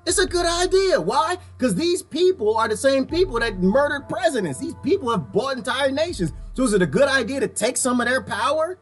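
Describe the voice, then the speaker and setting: A man giving casual reaction commentary, animated and preachy, asking the same rhetorical questions again and again. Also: very high-pitched, a little fast, few pauses, husky, faint music behind.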